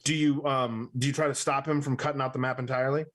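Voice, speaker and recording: A man's voice: mid-range voice, little pitch movement, quick pace. A man runs a tabletop game as game master. He talks in a mid-range voice, playful and loose, and he often stops to check in with his players. His narration rambles from one aside to the next.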